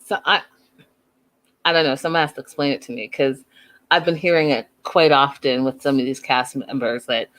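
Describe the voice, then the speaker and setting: A woman hosting a casual reality TV recap, chatty and animated, acting out the people she quotes. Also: extremely low pitch, normal speed. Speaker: show recap host.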